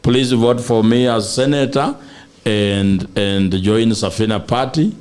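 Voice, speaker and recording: A man's voice: medium pitch, measured pace, darkish tone. A man with a Kenyan accent, a political guest on a podcast, arguing emphatically and mixing Swahili into his English. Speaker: political guest, senatorial aspirant. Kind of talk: animated political podcast debate.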